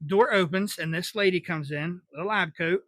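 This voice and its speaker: A man's voice: high voice, moderate pace, fairly bright tone, no echo. Blunt, cursing young man telling stories. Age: 20s. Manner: profane, blunt, wry. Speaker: podcast host. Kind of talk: casual storytelling.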